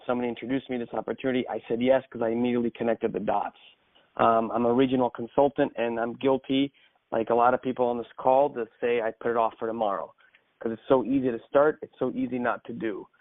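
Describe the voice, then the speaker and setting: A man's voice: medium pitch, no room sound. A man introducing himself as a guest on a coaching conference call, speaking earnestly with frequent ums and restarts. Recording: phone line.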